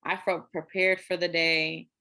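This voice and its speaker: A young woman co-hosting a podcast, telling a personal story in relaxed casual chat. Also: lowish voice, unhurried, vocal fry. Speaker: podcast co-host.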